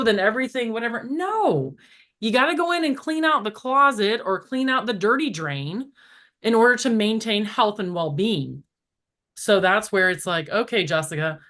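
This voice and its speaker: Middle-aged female guest, relaxed spiritual talk, lively storyteller. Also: mid-range voice. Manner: animated storytelling, acts out voices in quotes; frequent "like" fillers. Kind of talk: casual spiritual chat.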